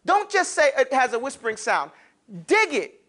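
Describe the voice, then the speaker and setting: A man's voice: very high-pitched, moderate pace. A man teaching Arabic letters to a class, asking questions and calling on students, with casual slang asides. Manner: lively, calls on students, asks and answers his own questions. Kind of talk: classroom lesson.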